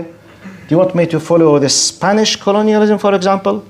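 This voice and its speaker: A man's voice: high voice, a little fast. A man who speaks natively, giving a religious lecture in English. He argues animatedly and rhetorically, playing out debates with imagined objectors. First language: Arabic. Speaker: Islamic lecturer.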